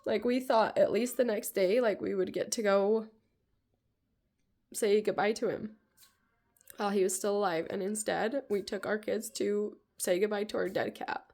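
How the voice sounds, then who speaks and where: Emotional woman with a gravelly creak. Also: medium pitch, fairly even intonation, moderate pace, a little mellow. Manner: rambling, heavy use of "like", tearful. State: emotional, near tears. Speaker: vlogger. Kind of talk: casual personal vlog.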